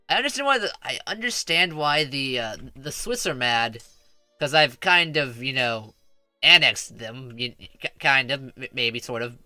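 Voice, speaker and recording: A man's voice: a little high, pushed and bright, no echo. A man streaming a strategy game, giving playful, rambling commentary that stumbles over restarts.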